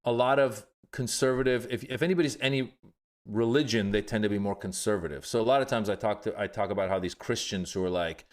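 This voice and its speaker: A man's voice: fairly low pitch, fast talker. A middle-aged man, a comedian from Iran, talking through ideas in a podcast interview, acting out the voices of the people he quotes. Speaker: comedian guest.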